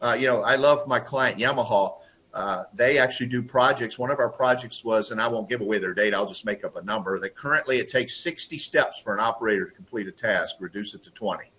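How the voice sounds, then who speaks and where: A man in a conversational interview, telling workplace stories and acting out quotes in lively voices. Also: lowish voice, quick pace. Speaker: guest, lean process consultant and trainer.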